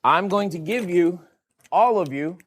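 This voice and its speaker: A man with a slightly high voice leads a live seminar audience through a board game. He talks in a playful way and keeps teasing the room with questions. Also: expressive, a little slow, a bit bright. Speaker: real estate educator running a board game.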